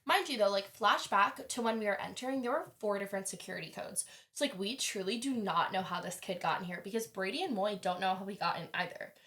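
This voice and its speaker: A young woman, a college student, telling a long story in casual chat, lively and full of "like," acting out what others said. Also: mid-range voice, fast talker, few pauses. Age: young adult. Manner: animated, heavy use of "like", acts out quoted voices. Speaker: podcast guest.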